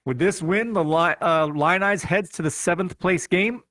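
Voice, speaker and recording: A man with a Chicago accent walks through the week's fantasy football results in a playful, running recap. His voice sits a bit high. It is recorded close and dry. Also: unhurried, fairly bright tone, no echo. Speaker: podcast host.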